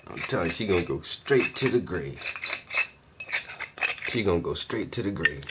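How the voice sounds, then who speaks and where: A man's voice: deep voice, animated, normal speed, long pauses, heavy background noise. A man ranting casually about his neighbors, slangy, profane and full of laughs. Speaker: vlogger, artist. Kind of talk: casual rant.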